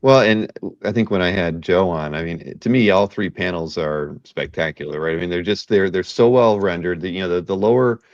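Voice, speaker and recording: A man hosting a casual comic art discussion on a video call, talking in a relaxed, nostalgic way. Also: deep voice, fairly quick, dry recording, highs cut off.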